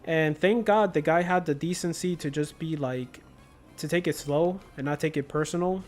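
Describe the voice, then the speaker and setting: A man's voice: a little high, moderate pace, faint music behind. A young man livestreaming a game, chatting casually and telling stories in a laid-back way with slang. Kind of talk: casual chat while gaming.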